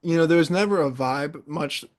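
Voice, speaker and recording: A young man in casual podcast chat, an animated storyteller who wanders into tangents. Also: fairly high pitch, moderate pace. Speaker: podcast co-host.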